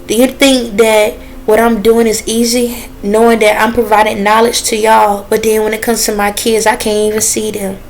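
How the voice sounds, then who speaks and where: A woman with a slightly high voice gives her viewers an earnest, preachy talk. She speaks in relaxed dialect grammar and draws out her phrases. A faint hiss sits under the recording. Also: normal speed, creaky, hardly any pauses, low-quality recording. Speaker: vlogger. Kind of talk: casual direct-to-camera talk.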